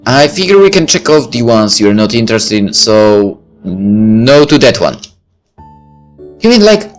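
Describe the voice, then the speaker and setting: A man's voice: on the low side, a bit bright. A man reading a visual novel aloud in first person, breaking off for casual asides. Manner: casual asides between narration. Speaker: let's play reader.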